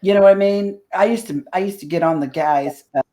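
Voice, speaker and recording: A woman's voice: lowish voice, a little fast, dark tone. An older woman co-hosting a radio talk show in casual chat, blunt and salty.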